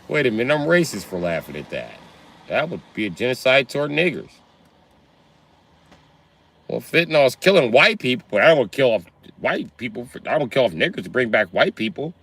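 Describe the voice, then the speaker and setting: A man's voice: fairly low pitch, sing-song, brisk, a bit bright, no room sound. A man ranting casually on a livestream, rambling, swearing and laughing often. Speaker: livestream host. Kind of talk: casual comedic rant.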